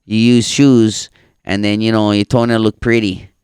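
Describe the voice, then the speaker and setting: A man with a Hawaiian Pidgin accent hosts a relaxed podcast chat, talking in an easygoing, reflective way. His voice is smooth and resonant, recorded close and dry, with no room around it. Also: fairly low pitch, normal speed, no room sound. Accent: Hawaiian Pidgin English. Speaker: podcast host. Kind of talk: casual chat. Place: farm.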